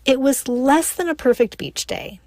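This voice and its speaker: A woman's voice: high-pitched, darkish tone, no room sound. Chatty, laughing middle-aged woman. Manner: chatty, playful, quick to laugh. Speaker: newsletter author and speaker. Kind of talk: reading a personal newsletter aloud.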